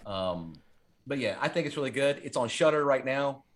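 Speaking at a normal speed with lively intonation, an ordinary-sounding man in a mid-range voice talks through a horror movie on his podcast. His casual chat rambles, is full of profanity, and is peppered with "like"s and "um"s.

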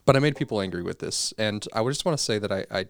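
A man's voice: on the low side, expressive, very fast, creaky, no room sound, clean studio sound. A man co-hosting a casual movie podcast, laid-back and self-deprecating. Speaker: podcast co-host.

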